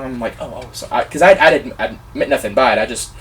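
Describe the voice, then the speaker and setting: A man vlogger telling a personal story in a casual, excitable, animated way, gushing like a fan. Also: mid-range voice, fast talker, few pauses, recorded from a distance, slight background noise.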